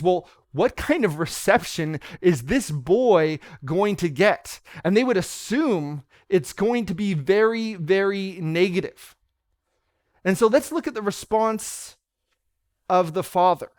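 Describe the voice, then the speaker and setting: A man in his thirties giving a sermon as pastor, telling stories earnestly and dropping softer and slower for tender quoted words. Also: high voice, no room sound, clean studio sound. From Canada. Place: church.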